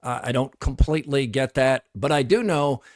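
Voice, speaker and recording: A man's voice: mid-range voice, normal speed, no room sound. A man co-hosting a sports talk radio show, speaking plainly and matter-of-factly as he sets up clips. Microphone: studio microphone.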